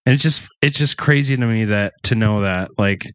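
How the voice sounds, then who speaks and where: A man's voice: fairly low pitch, moderate pace, clean tone, dry recording. A man co-hosting a casual true-crime podcast, talking loosely with asides and restarts. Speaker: podcast co-host.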